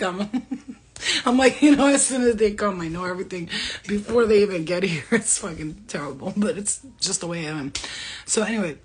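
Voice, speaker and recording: A woman's voice: mid-range voice, normal speed, slightly rough. A middle-aged woman talking casually as a spiritual medium, laughing often, swearing and speaking animatedly. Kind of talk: casual livestream talk.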